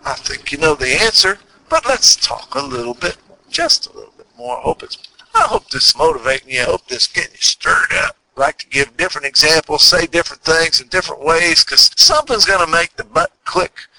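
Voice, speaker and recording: Earnest Texan man, bright tense voice. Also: fairly high pitch, very animated, fairly quick, gravelly, poor audio. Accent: Texas. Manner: earnest, repetitive rhetorical questions, folksy. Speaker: motivational podcast host. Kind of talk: motivational monologue.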